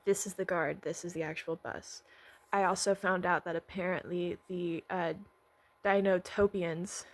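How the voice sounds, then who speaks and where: Woman vlogger, unfiltered and rambling, excitable casual recap delivery. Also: lowish voice, unhurried. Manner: rambling, excitable, swears and laughs.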